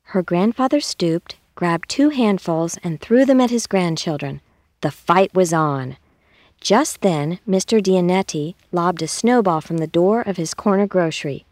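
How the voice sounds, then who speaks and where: A woman reading a children's story aloud in a calm, measured way. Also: fairly low pitch, no room sound, studio quality. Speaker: narrator.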